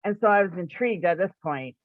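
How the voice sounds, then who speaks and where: A woman's voice: fairly low pitch, expressive, fast, no echo. Chatty woman with thin phone-like sound. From Canada, New Brunswick area. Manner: chatty, many "like" fillers, laughs often. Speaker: spiritual shop owner and teacher. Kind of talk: personal storytelling. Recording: dry, phone-like narrow sound.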